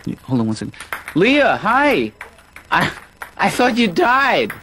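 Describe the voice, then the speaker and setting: A man voicing a mild, soft-spoken therapist and father in a cartoon, hesitant and dry. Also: lowish voice, fast, vocal fry. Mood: wound up. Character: mild-mannered male therapist and father, gently wry. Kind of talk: improvised cartoon dialogue. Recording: noisy hissy track.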